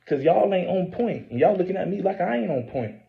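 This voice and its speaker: A man's voice: high-pitched, lively intonation, vocal fry, very noisy. A man giving a rambling, preachy religious monologue, repeating himself, swearing and stumbling through scripture readings. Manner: reads scripture aloud haltingly. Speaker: self-posting religious speaker. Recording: dull lo-fi recording.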